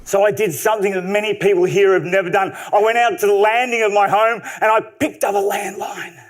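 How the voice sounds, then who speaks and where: Man, humorous storytelling, high pitch, stage talk. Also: fairly quick. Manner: animated, humorous, vivid storytelling. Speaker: speaker.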